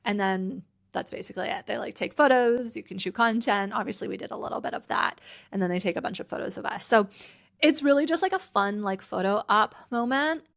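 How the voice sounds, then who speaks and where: A woman's voice: mid-range voice, a little fast, gravelly. A woman from Canada hosting a casual solo podcast, chatty and full of fillers, sounding tired and a little teary. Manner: chatty, lots of "like" fillers, laughing through tears. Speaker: podcast host and personal brand coach.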